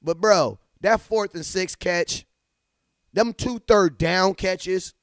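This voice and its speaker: Casting: young male livestream host, hyped slangy fan chat, smooth voice, dry close sound. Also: high-pitched, takes it slowly, no room sound. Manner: hyped, slangy, talks straight to chat with shout-outs. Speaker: livestream sports talk host. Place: home setup at a computer.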